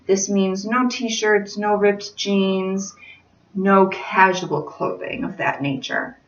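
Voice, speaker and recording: A woman teacher explaining speech requirements to her students in a clear, deliberate instructional manner. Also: medium pitch, fairly even intonation. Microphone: phone camera at a distance. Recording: roomy, distant, dull phone-camera audio.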